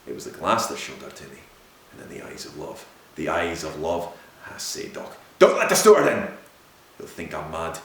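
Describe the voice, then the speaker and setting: A man reading aloud and voicing a feverish, haunted old-time ship captain who swings between frantic cries and hushed murmurs. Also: very deep voice, fairly even intonation, moderate pace, pitched below the performer's own voice, exaggerated voice. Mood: hushed, desperate. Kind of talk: audiobook reading of a Victorian ghost story. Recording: very echoey room.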